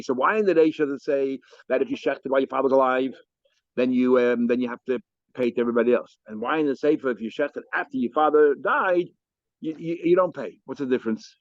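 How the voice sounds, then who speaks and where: Fast-talking rabbi teaching a Talmud class. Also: male voice, mid-range voice, dry recording. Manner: lively, animated, explains and asks questions. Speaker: rabbi teaching daf yomi. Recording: muffled lo-fi sound.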